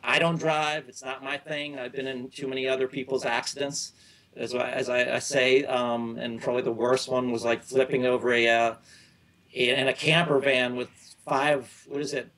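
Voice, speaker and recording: A man's voice: medium pitch, flat delivery, normal speed, fairly bright tone, rough recording. Rambling middle-aged man, casual chat. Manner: rambling, loose storytelling with many restarts. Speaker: guest.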